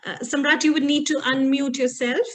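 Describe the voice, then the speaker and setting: A woman's voice: sits high, steady tone, a little fast. A woman hosting an online conference, introducing speakers in an upbeat way with some fillers, on a video call. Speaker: event host. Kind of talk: hosting a webinar.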